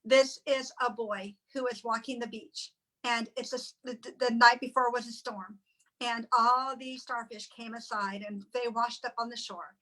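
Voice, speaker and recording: A woman sharing an emotional personal testimonial in halting, tearful speech with many restarts. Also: a little high, steady tone, bright, forceful tone, low-quality recording. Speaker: guest sharing weight-loss story.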